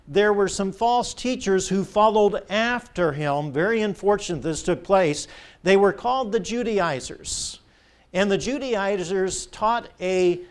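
A male pastor preaching a sermon, quizzing the congregation with call-and-response questions and often adding "if you would please.". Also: high-pitched.

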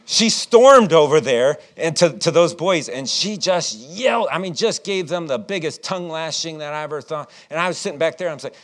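A middle-aged man preaching a sermon and telling a childhood story, animated and acting out what people said. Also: on the high side, fairly quick, hardly any pauses. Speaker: pastor.

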